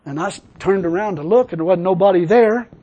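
Husky high-voiced male preacher. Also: fast, mellow, lo-fi sound. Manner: storytelling, then rising to emphatic preaching. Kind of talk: sermon testimony.

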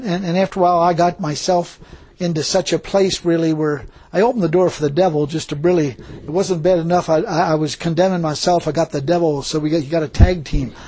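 A man with a high-pitched, breathy and husky voice preaches. He rambles through his story with many fillers and repeated words, now and then chuckling. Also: darkish tone. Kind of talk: sermon testimony.

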